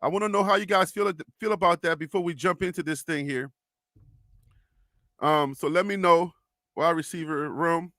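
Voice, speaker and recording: A young man with a high, bright, ringing voice hosts a casual sports live stream. He chats loosely, reads viewer comments aloud and laughs often. The recording is close and dry. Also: moderate pace, dry recording.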